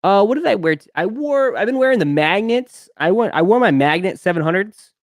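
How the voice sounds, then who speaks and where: A man's voice: high-pitched, expressive, fairly quick, no echo, clean studio sound. A young man hosting a live stream, chatting casually and telling a long rambling story with lots of fillers. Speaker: sneaker live stream host.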